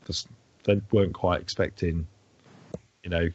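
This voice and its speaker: A man's voice: low voice, level tone, measured pace, husky, muffled recording. A man, dungeon master, narrating a tabletop game in a chatty, rambling way full of fillers. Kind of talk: running a tabletop game, casual chat.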